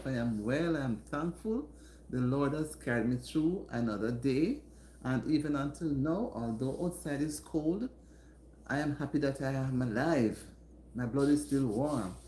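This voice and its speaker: A woman hosting a casual home livestream, chatting warmly and greeting her viewers by name. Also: very deep voice, reverberant, slight background noise. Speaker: livestream host. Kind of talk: casual live-stream chat with viewers. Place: indoors at home.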